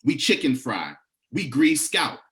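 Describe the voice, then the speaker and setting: A young man with an African American English accent, talking softly with many pauses between poems, then performing spoken word poetry in a rhythmic, rising, incantatory delivery. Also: medium pitch, sing-song. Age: young adult. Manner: soft, halting talk between poems with many fillers.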